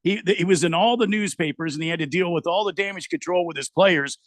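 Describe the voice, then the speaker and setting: A man's voice: sits high, no echo. A man on a sports radio show who halts and repeats words as he builds his point. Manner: halting, repeats words while building an argument. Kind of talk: casual sports talk.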